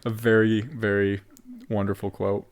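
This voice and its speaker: Low-voiced man recapping a play. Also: flat delivery, moderate pace. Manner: retells scenes, quoting lines with laughs. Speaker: podcast co-host. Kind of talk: casual chat recapping a play.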